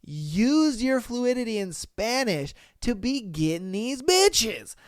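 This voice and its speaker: A man hosting a podcast, reading listener posts and reacting in a slangy, profane, animated way. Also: very high-pitched, takes it slowly, dry recording, clean studio sound. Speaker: podcast host.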